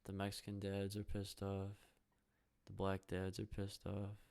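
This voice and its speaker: Gravelly low-voiced young man ranting. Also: completely flat delivery, a little slow. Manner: profane, rambling, jokey, reacts out loud to the game. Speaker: podcast host. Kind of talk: casual solo podcast rambling while watching hockey.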